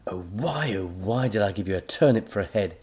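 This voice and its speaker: A man voicing an excitable, scheming male mad professor who snaps at his helper. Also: lowish voice, fairly quick, slightly rough. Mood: snappish. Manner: snappish, overexcited.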